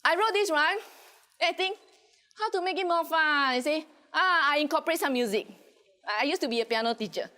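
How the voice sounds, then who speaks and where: A woman with a Singaporean English accent, an educator giving an animated conference workshop and often checking in with her audience. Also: high voice, brisk. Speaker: early childhood educator presenting at a conference.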